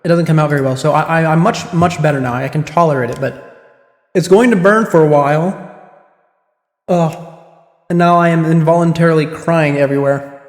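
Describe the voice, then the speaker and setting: A chatty male streamer rambling casually over a courtroom game, quick to poke fun at himself. His voice sits a little high and rings in a roomy space with a long, echoing reverb. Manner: rambling, chatty, self-deprecating. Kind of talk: casual livestream gameplay commentary. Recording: echoey room with long reverb.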